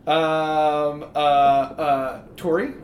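A woman's voice: low-pitched, steady tone, extremely slow, noisy background. Hesitant woman game master, echoey room. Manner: hesitant, full of fillers. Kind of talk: narrating a tabletop game.

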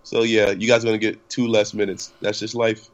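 A man's voice: fairly low pitch, little pitch movement, a little fast. Rambling young man, lo-fi podcast. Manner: rambling, profane, lots of fillers and restarts. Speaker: podcast host. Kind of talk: casual podcast chat.

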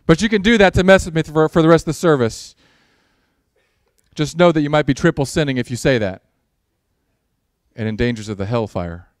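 A male pastor preaching a sermon in a church, opening with a prayer, animated with sarcastic asides and acted-out quotes. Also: on the high side, a little fast, long pauses, no room sound, studio quality. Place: church sanctuary.

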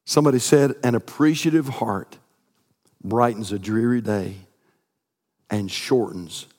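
A man preaching a sermon, swinging from loud chanted exhortation to quiet storytelling. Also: on the low side, unhurried, big-room sound. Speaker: pastor.

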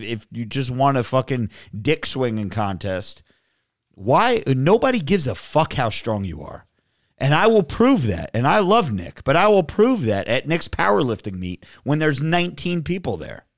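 A man's voice: medium pitch, no echo, studio quality. A man hosting a casual podcast, blunt and profane, reading viewer comments and giving opinions. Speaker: podcast host reading chat. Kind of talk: casual banter.

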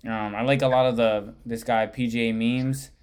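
A man's voice: medium pitch, fairly even intonation, normal speed, a little mellow, clear, resonant tone. A young man hosting a podcast, chatting casually and telling rambling stories, swearing often and saying "like" a lot. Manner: rambling storyteller, swears often, heavy use of "like". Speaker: podcast host. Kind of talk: casual chat.

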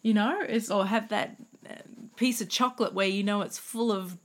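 A woman's voice: medium pitch, steady tone, normal speed. A woman co-hosting a casual health podcast, chatty and affirming. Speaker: Chinese medicine practitioner co-host.

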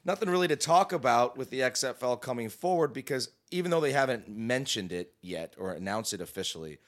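A man co-hosting a podcast, chatting casually and telling an animated story with acted-out quotes. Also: medium pitch, fairly quick. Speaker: podcast co-host; sports bar manager.

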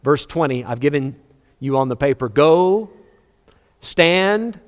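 A man preaching a sermon with passion, rising to loud appeals and dropping to hushed, low passages. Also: level tone, brisk. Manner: impassioned, swinging between loud high-pitched appeals and hushed low passages. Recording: long reverb of a large hall.

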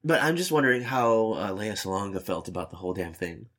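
A woman co-hosts a podcast with an extremely low voice. She talks in a dry, exasperated way and often curses as she agrees. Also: animated, fast talker. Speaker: podcast co-host. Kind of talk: casual podcast chat.

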